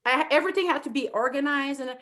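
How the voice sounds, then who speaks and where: A woman with a thick French accent, co-hosting a casual chat and telling animated, self-deprecating stories. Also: high voice, fast. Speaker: podcast co-host.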